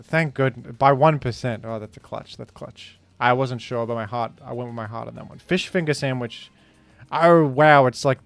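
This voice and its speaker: A man streaming a food guessing game, talking casually with animated, incredulous outbursts. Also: mid-range voice. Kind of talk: casual gaming commentary.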